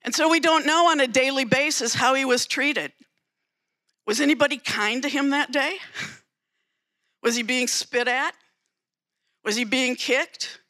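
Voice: sits high, unhurried, pauses often, pushed and bright. A preacher giving a sermon, retelling a story dramatically with emphatic repetition.

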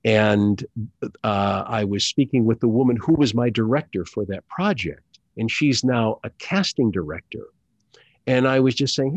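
A middle-aged man talks very slowly and carefully, pausing on fillers and restarting phrases as he works through his thoughts. The recording sounds dull and lo-fi, with a dry, close sound and no room echo. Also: mid-range voice, lively intonation. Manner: slow, deliberate, hesitant with many fillers and restarts. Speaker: commercial actor and audiobook narrator, guest. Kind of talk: conversational interview.

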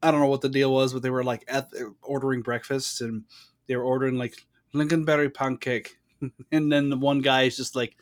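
A man's voice: mid-range voice, flat delivery, brisk. Podcast co-host, man, mid voice, easygoing storyteller, casual chat.

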